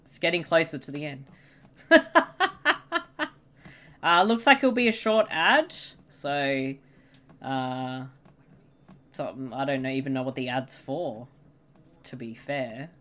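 Low-voiced, bright, slow-talking woman. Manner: bemused, swears casually, laughs often. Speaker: co-host. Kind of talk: movie watch-along commentary.

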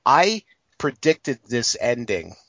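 A man's voice: medium pitch, big pitch swings, slow, a bit bright, no room sound, lo-fi sound. A man in his late twenties giving a rambling, profane, casual movie review, full of fillers. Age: 20s. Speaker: film reviewer.

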